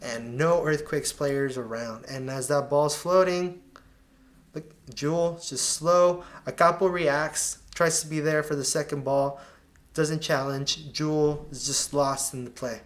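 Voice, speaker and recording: A man with a slightly raised voice talks through soccer clips, pausing to point out mistakes. He sounds casual and exasperated, tossing in slang as he critiques the players. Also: fairly high pitch, fairly even intonation. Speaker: soccer analyst. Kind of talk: video breakdown commentary.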